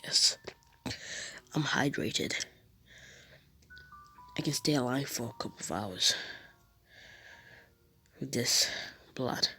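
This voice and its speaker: A woman's voice: rumbling low, expressive, takes it slowly, pauses often, pushed and bright, soft background music, exaggerated voice. A woman with a cold voicing a brooding teenage werewolf boy, murmuring in a half-whispered inner monologue. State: congested from a cold.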